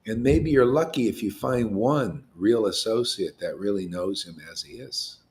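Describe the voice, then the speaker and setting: A man acting as a spiritual teacher gives an informal, colloquial devotional talk at normal speed. He fills it with rhetorical questions and raises his pitch to stress his points.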